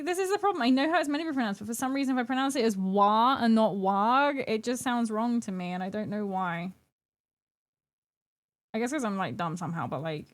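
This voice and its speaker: A young woman streaming as she paints miniatures, chatting casually, giggling and poking fun at herself. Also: fairly high pitch. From United Kingdom. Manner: giggly, chatty, self-mocking. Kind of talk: casual live-stream chat.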